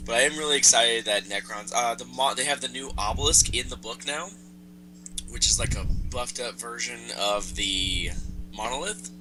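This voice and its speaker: A man's voice: medium pitch, moderate pace, noisy background. A man who hosts a live show, chatting casually and eagerly about tabletop wargame rules, eating as he talks with his mic moved away. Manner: enthusiastic about game rules; eating while talking, mic pulled away. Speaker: show host. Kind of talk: casual gaming chat.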